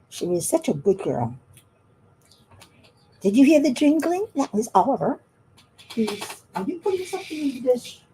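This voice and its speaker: A woman's voice: mid-range voice, vocal fry, dark tone, slight background noise. A woman chatting casually while she works on a craft at home, rambling and laughing often. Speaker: craft vlogger.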